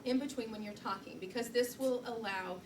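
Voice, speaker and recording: A public speaking trainer, a middle-aged woman with a slightly high voice, runs a live training session in a brisk, chatty, self-deprecating manner. A far camera mic at the back of the meeting room records her, so the sound is roomy, distant, echoing and noisy.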